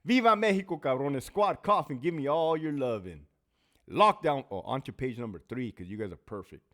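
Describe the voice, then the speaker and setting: A man's voice: mid-range voice, lively intonation, moderate pace. A man hosting a casual talk show, swearing freely as he tells stories and reads off viewer names. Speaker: host, former prison officer. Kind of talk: casual storytelling monologue.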